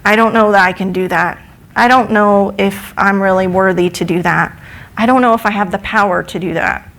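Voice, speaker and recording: A woman's voice: mid-range voice, fairly even intonation, normal speed, a bit bright, lightly acted. A woman voicing a young man who doubts himself at first and later gushes with thanks, in a spoken parable. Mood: doubtful. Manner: doubting, then gushing with thanks. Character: anxious then confident young man.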